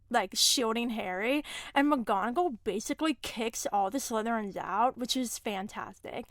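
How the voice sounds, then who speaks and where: A young woman co-hosting a casual podcast, recapping a book with animated storytelling. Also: on the high side, no echo. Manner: animated storyteller, acts out quotes. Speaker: podcast co-host.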